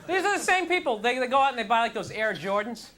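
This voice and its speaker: A man's voice: very high voice, sing-song, fast. A man performing a stand-up comedy routine on a club stage, ranting in a frustrated, self-mocking way and slipping into mocking voices. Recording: live club recording with crowd noise. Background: audience laughter.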